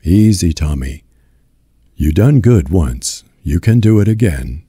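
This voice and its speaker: A man voicing a weary, steadfast farm mother who soothes her son in a gentle rural drawl, in a storybook reading. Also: low-pitched, big pitch swings, measured pace, husky, no room sound, studio quality, full character voice. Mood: soothing.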